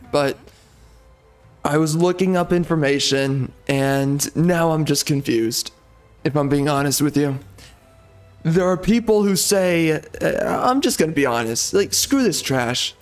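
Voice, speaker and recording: High-voiced man ranting over game music. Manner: frustrated ranting, frequent mild cursing. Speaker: gaming video creator. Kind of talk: casual gameplay commentary.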